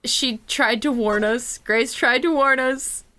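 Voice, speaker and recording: Bright, bubbly woman streamer. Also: a little high, slow pace. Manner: bubbly, rambling, apologetic. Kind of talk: casual stream sign-off.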